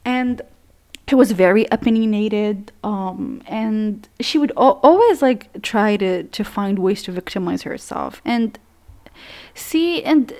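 A woman's voice: mid-range voice, animated, slow, darkish tone. A young woman, telling a personal story in a rambling, profane way while she plays a game. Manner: rambling, profane, full of fillers. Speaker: gaming streamer. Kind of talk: casual storytelling over gameplay.

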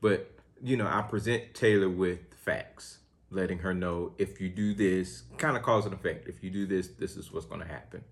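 Guy in his 30s with a really low voice, chill and teasing, co-hosting a podcast. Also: normal speed. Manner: teasing, laid-back explaining. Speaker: podcast co-host. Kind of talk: casual chat.

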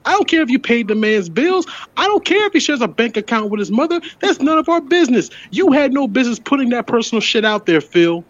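A man's voice: extremely high pitch, very animated, fast, dry recording, lo-fi sound. A man, a podcast co-host, delivering a heated, profane rant that accuses a wrestler directly. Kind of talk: ranting address to a wrestler.

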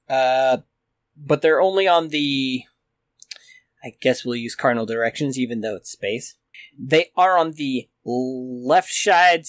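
A man running a sci-fi tabletop game as game master, describing scenes in a relaxed, hesitant way. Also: medium pitch, dry recording, clean studio sound.

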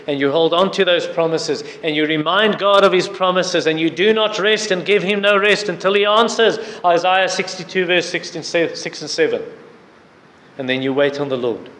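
A man preaching a sermon, earnestly urging prayer and fasting and citing scripture as he goes. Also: on the high side, a bit bright. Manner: earnest, repetitive exhortation with scripture references. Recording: echoey hall with faint background noise.

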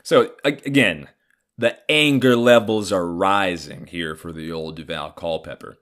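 A man's voice: deep voice, unhurried, a bit bright. A man in his thirties telling a personal story in a casual, heated and profane way. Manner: profane, heated, acts out others' lines.

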